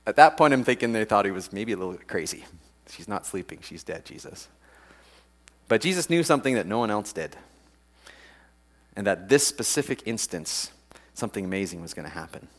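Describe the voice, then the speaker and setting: A man giving a casual, chatty sermon. He laughs often and acts out the people in the story with big jumps in pitch. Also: animated, brisk. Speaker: preacher.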